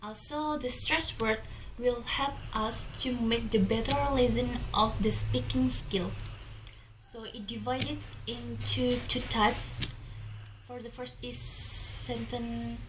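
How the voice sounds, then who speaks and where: A young woman with an Indonesian accent reads her class presentation at a slow, deliberate pace. Her voice sits a little high, and each example comes out one at a time. A faint hiss of room noise sits behind her. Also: steady tone. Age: young adult. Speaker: student presenter. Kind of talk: read-aloud class presentation.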